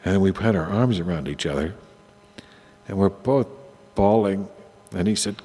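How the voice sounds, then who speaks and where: An older man telling personal stories to an audience in a conversational way, often halting and restarting his sentences. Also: deep voice, mellow, breathy edge. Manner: halting, with frequent restarts and asides. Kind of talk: conversational storytelling talk. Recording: long hall reverb, faint hum.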